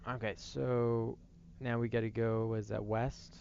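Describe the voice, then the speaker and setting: A man's voice: mid-range voice, little pitch movement, a little slow, creaky, a little mellow, lo-fi sound, slight background noise. A man casually commenting while playing a game late at night, laid-back and self-deprecating, sounding tired. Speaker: gaming streamer. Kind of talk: casual let's-play commentary.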